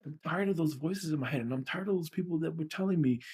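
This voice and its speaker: A man's voice: fairly high pitch, fast, hardly any pauses, darkish tone, slightly rough. A man hosting a livestreamed self-help session, talking in a blunt, profane, emotionally raw way. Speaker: host of a tapping session.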